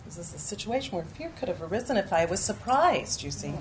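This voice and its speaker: Animated woman storyteller, noisy room. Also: medium pitch, fast talker. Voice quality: animated, acts out moments with sudden loud cries. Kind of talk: storytelling in a group discussion.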